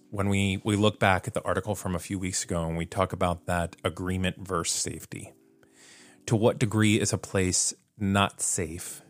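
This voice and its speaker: A man hosting a solo podcast in a casual, self-deprecating way, laughing at himself and using plenty of fillers. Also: deep voice. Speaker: podcast host.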